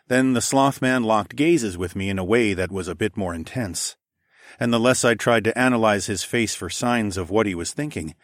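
A man reads a first-person story aloud in a steady, measured way, his voice sitting fairly low. The recording is dry and close, with no room sound. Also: no room sound. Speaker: audiobook narrator. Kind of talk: scripted first-person narration.

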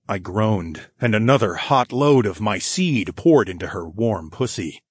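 A man narrating a romance audiobook in the first person, with a low, intimate delivery and soft sighs. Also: slightly rough, no echo, studio quality.

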